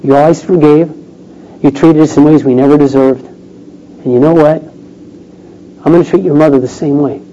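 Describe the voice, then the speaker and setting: Man telling a story in a sermon. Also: on the high side. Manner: animated storytelling, acts out quoted voices. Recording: dull lo-fi recording with faint noise.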